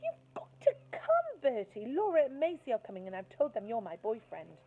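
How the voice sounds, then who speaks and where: Lady putting on a high cooing little girl, bossy, slow and sugary, tinny sound. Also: very animated, breathy edge, heavily acted. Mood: insistent.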